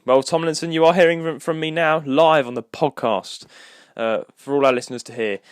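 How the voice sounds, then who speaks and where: A man's voice: a little high, fairly quick, clean tone, no echo, studio quality. Young man rambling on a podcast. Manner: rambling, with many restarts and fillers. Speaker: podcast co-host. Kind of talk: casual solo podcast chat.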